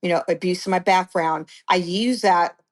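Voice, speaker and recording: A woman's voice: on the low side, fairly even intonation, normal speed. Woman telling her story plainly. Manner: blunt, conversational storytelling with restarts. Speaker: guest. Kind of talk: personal account in an interview.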